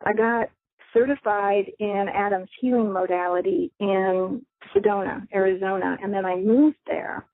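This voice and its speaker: Gravelly middle-aged woman on a phone line. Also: mid-range voice, measured pace, dry recording. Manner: earnest, reflective, with small laughs. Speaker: radio host. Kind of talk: personal storytelling. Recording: thin phone-line audio, dry.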